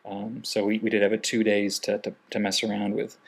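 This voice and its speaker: A man's voice: on the low side, completely flat delivery, brisk, breathy edge. A man vlogging casually, telling a humorous travel story and acting out what people said. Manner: humorous, acts out quoted lines in other voices.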